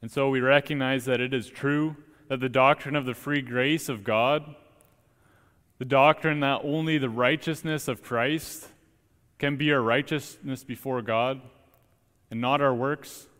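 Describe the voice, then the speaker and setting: A young man, a student preacher, delivering an earnest, emphatic sermon with deliberate pauses in a church. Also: medium pitch, fairly even intonation, a bit bright. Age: young adult. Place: church sanctuary. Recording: long church reverb.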